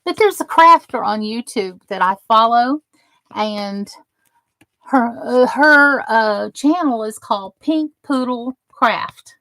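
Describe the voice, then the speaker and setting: A woman chats through a casual crafting live stream, her voice gravelly with vocal fry. She takes her time over each thought and admires every piece she holds up. The recording is close and dry, with no room sound. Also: on the high side, expressive, takes it slowly, a bit bright, no echo. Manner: gushing and admiring, chatty asides.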